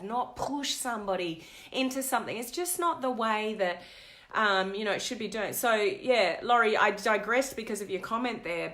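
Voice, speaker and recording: A woman's voice: mid-range voice, pushed and bright, reverberant. A woman hosting a live stream, telling a story in a casual, chatty way and reading viewer comments aloud. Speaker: host of a live video stream.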